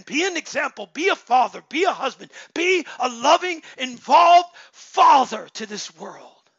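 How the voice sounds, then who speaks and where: Male pastor in his thirties, high gravelly voice, forceful preaching, dry lo-fi recording. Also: no room sound. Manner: exhorting, swings from loud shouts to low murmurs. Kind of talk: sermon. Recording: dull lo-fi sound.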